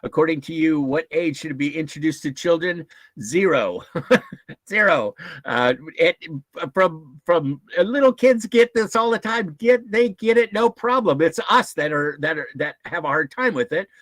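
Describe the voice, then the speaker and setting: A man from a nonprofit, giving an informal talk and answering questions in an animated way, with chuckles, restarts and acted-out quotes. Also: fairly high pitch, normal speed, dry recording, poor audio. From United States. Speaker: guest speaker from a nonprofit.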